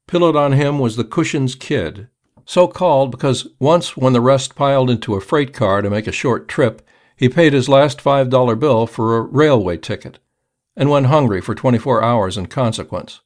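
A man narrating a crime story in a measured, steady audiobook reading. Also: medium pitch.

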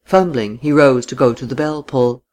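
A man narrating a novel in a steady, even reading voice. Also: medium pitch, normal speed. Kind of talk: audiobook reading.

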